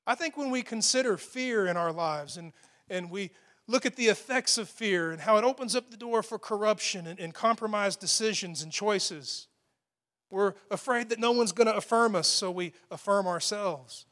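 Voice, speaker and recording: High-voiced man preaching with emphasis. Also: moderate pace. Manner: emphatic preaching, dropping to hushed tones for quoted lines. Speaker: pastor. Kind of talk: sermon. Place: church with a loud PA system.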